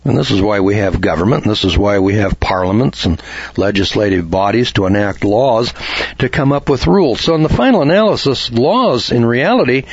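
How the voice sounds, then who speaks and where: Husky-voiced man lecturing folksily. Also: lowish voice, expressive, fairly quick, dry recording. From United States. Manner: homespun, argumentative, acts out dialogue. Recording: dull dry lo-fi recording.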